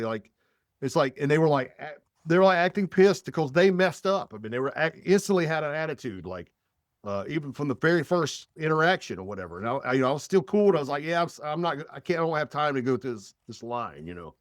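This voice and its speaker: A man's voice: medium pitch, fast talker, dry recording. Rambling man telling stories, dry mic. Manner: rambling, animated storytelling with many fillers. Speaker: podcast guest. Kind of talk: casual chat.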